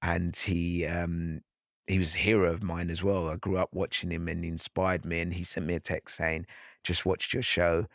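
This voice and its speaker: A man's voice: sits low, level tone, normal speed, vocal fry, no room sound, studio quality. A man, a podcast guest, recounting a personal story in an earnest, reflective way with frequent restarts.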